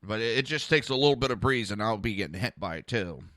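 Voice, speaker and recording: A man's voice: lowish voice, animated, quick pace, a bit bright, no echo, studio quality. A man hosting a political talk podcast, ranting bluntly and sarcastically with lots of profanity and talking to his live listeners. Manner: talks to listeners in a live chat. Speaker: podcast host.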